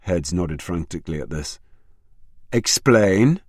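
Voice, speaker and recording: A man reading an audiobook in a measured, steady narration. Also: deep voice, dry recording, studio quality. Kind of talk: scripted narration.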